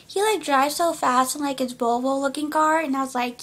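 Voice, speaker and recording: Giggly high-voiced teen girl vlogger. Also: moderate pace, hardly any pauses, fairly bright tone. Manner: giggly, rambling, lots of "like". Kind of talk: casual movie recap.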